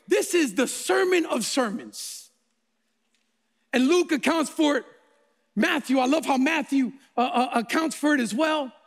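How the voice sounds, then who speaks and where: A middle-aged man, a pastor, preaching a sermon that opens with a self-mocking personal story, talking animatedly and often repeating words. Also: extremely high pitch. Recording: long hall reverb.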